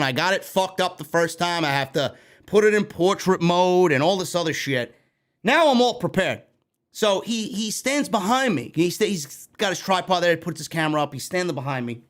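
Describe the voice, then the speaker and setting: A man from New York runs a wrestling news show in a heated, profane rant. His voice sits high and leaps up and down with lively pitch swings. He swears freely and keeps the energy up. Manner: animated, heated, heavy swearing. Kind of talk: profane ranting commentary.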